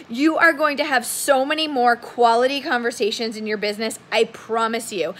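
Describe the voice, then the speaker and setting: A young woman with a high, bright voice talks in a casual, upbeat coaching style. She sometimes slips into a livelier tone to act out example messages. Her delivery is friendly and energetic. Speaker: direct sales consultant giving tips. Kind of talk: casual coaching talk to camera.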